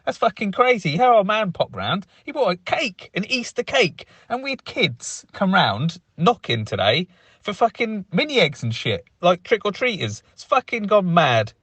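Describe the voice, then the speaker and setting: A man's voice: high-pitched, big pitch swings, moderate pace, fairly bright tone, slightly rough, no echo. A man delivering an exasperated, sweary recorded rant. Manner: exasperated ranting, heavy swearing. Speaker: podcast co-host.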